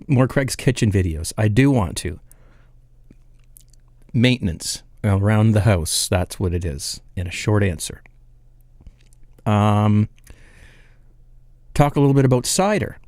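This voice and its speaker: A man's voice: mid-range voice, darkish tone, dry recording. A man talking casually on a live home brewing show, working through the chat and joking at his own expense. His voice sits in a middle range and comes through dry and close, with no room sound around it. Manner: rambling and self-deprecating, chuckling, loses his place reading chat. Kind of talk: casual live-stream chat, reading viewer comments.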